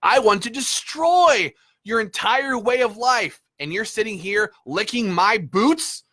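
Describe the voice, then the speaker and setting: A man's voice: high voice, expressive, measured pace, pushed and bright, no echo, voice pushed up, full character voice. A man mimicking a smug, scornful male politician with a mocking, sneering delivery.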